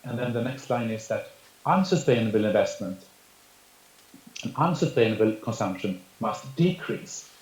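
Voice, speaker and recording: A man's voice: fairly low pitch, animated, darkish tone. Man giving an echoey lecture by video. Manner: measured, explanatory, with frequent restarts and hesitations. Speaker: conference speaker. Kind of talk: academic presentation over video link. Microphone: video call.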